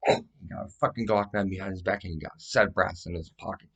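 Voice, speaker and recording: Man, low voice, rambling vlog monologue, swears a lot, agitated. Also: steady tone, brisk, creaky, fairly bright tone, slightly rough. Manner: rambling, profane, agitated outbursts.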